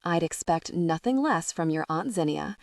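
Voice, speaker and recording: A woman's voice: on the low side, lively intonation, moderate pace, gravelly, dry recording. A woman voicing a wry old southern shopkeeper. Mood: teasing. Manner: teasing, sardonic. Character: older male southern hardware store owner, wry.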